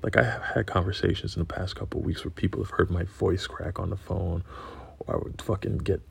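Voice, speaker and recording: A man's voice: low-pitched, fairly even intonation, brisk, gravelly, slightly rough, dry recording. A middle-aged man giving a candid, profane, confessional personal monologue. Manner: raw, profane, confessional storytelling. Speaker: podcast host.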